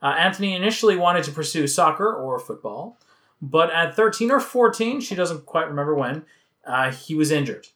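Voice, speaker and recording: In a fairly high-pitched, fairly bright voice, a Canadian podcast co-host sounds animated at a moderate pace. He's chatting casually on a music podcast and reading out researched facts about a band.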